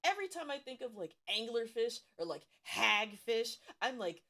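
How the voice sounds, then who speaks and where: Woman from Ohio, streamer, casual profane chat, lively swooping pitch, slow unhurried delivery. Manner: profane, emphatic, repetitive warnings.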